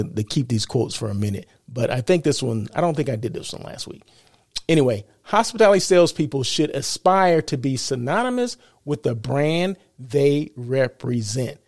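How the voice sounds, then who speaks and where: An American man hosts a live show and podcast in a mid-range, darkish voice, recorded with studio quality and no room sound. His casual live-stream talk is chatty; he keeps asking "right?" and chuckles at his own jokes.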